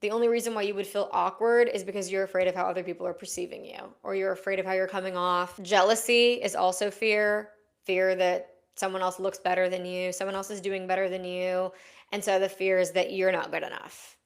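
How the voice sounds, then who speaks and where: A young adult woman talks through emotional discipline in a relaxed podcast chat. She is frank and conversational, and she often acts out anxious inner voices and imagined back-and-forth exchanges. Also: mid-range voice. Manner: chatty, acts out inner dialogues in quick voices. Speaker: podcast host. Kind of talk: casual self-help talk.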